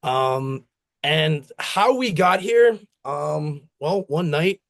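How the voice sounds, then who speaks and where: Very slow but expressive, his fairly high voice carries vocal fry. The man, a company founder from the US, tells rambling anecdotes in a casual interview and acts out family members' quotes.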